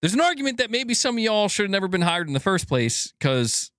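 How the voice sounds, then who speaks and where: A young man rants about gaming news in a lively, swooping voice that sits a little high for a man. He swears freely, laughs often and snaps back at his viewers. The sound is close and dry, with no room echo. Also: a little fast. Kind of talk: casual ranting commentary.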